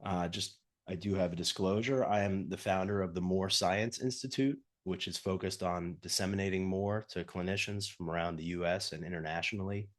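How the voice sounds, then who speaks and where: A man giving an academic lecture over a video call, hoarse and husky from a cold, earnest and often repeating words as he starts his sentences. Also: low voice, steady tone, brisk, few pauses. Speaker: guest lecturer.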